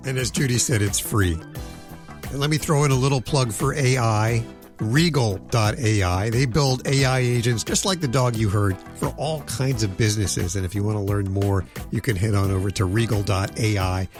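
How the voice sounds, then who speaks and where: A man's voice: on the low side, normal speed, over music. A man hosting a radio show, chatting casually and reading a sponsor plug.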